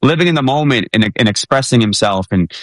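A man's voice: mid-range voice, animated, brisk, no echo. A man co-hosting a sports talk show, rambling with many fillers and restarts.

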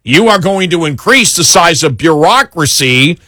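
Animated man hosting a talk show. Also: fairly high pitch, moderate pace, no room sound, clean studio sound. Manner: animated, exasperated, many restarts. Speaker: talk radio host. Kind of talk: political talk show chat.

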